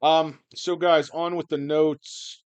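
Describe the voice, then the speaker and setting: A man with a worn-out, hoarse voice, rambling and swearing through a stock-market video monologue, with sardonic asides and loud rants. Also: a little high, little pitch movement, slow pace. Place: indoors under bright lights.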